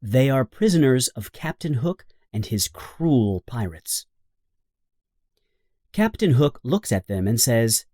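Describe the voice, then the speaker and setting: A man reading a children's storybook aloud in a slow, simple, expressive narration. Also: mid-range voice, dry recording, studio quality. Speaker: audiobook narrator.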